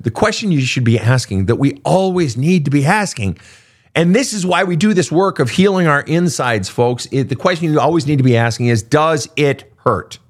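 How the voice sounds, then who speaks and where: Male host, middle-aged, blunt and profane, lively pitch. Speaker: podcast host, coach. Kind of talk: casual advice talk.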